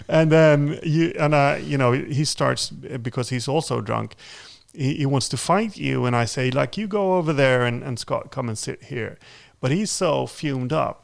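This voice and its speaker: A man hosting a podcast, spinning a lively anecdote in casual chat. His voice has a gravelly, creaky edge and sits at an ordinary pitch, and he slips into the voices of the people in his story as he goes. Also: slow pace. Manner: animated, laughing storyteller who acts out quotes. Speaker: podcast host.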